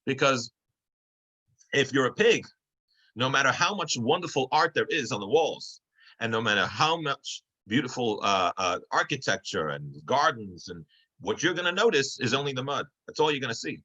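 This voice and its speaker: A man's voice: mid-range voice, very animated, normal speed, bright, forceful tone, highs cut off. A man teaching a class over a video call, telling a story in a conversational way with many fillers and restarts. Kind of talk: online class storytelling lecture.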